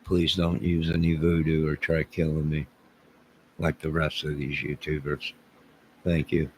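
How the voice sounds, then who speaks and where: A man's voice: very deep voice, flat delivery, unhurried, a little hiss or hum. A man livestreaming, joking with his chat in a mock-indignant way and talking back to viewers.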